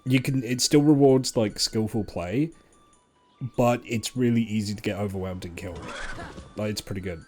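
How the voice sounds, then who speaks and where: A young man with a fairly low voice rambles through casual stream chatter, excitable and loose, with occasional swearing. Faint music plays beneath him throughout. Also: normal speed. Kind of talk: casual gameplay chat.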